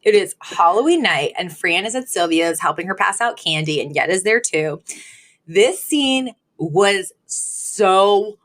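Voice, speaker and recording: A woman's voice: mid-range voice, lively intonation, unhurried, a bit bright. Giggly woman podcast host. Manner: chatty and giggly, acts out quoted lines. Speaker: podcast co-host recapping a sitcom episode. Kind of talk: casual chat.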